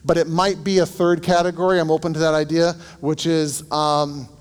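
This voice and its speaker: A man's voice: on the high side, flat delivery, normal speed, clear, resonant tone, long reverb tail. A man working as a counselor, teaching a group in a casual, anecdotal way and asking them questions. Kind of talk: conversational teaching.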